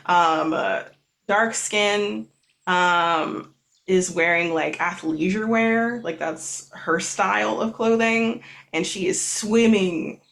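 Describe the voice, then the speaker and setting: Soft halting tabletop storyteller. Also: medium pitch. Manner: soft, halting narration with many fillers. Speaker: storyteller, game master. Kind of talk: narrating a tabletop game.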